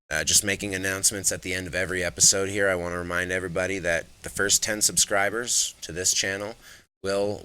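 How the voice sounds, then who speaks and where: A deep-voiced man hosts his own live talk stream and rants hard, swearing constantly. His tone is sharp, forceful and very tense, with a faint hiss of noise under it. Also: poor audio. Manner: profane, heated and emphatic. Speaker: host. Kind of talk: ranting livestream talk.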